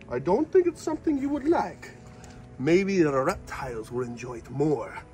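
Male vlogger as a campy fanged vampire, put-on accent, theatrical cackle, lively swooping delivery, outdoors. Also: mid-range voice. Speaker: wildlife ranch owner. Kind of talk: comedic in-character vlog. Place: outdoors on a ranch.

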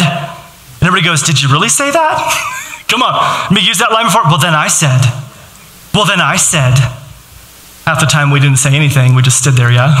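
A man preaching a sermon as pastor, animated and joking, laughing along with his congregation. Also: high voice, reverberant, rough recording. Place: large church auditorium.

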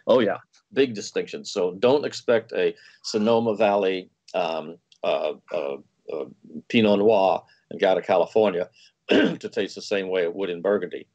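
A man, a food and wine writer, telling anecdotes in a relaxed interview and acting out quoted dialogue. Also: deep voice, normal speed, lo-fi sound. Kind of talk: anecdotal storytelling in conversation.

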